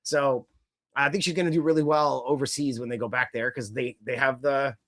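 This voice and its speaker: A man co-hosting a casual wrestling podcast, rambling and animated, swearing casually as he talks. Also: mid-range voice, fairly quick. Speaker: podcast co-host.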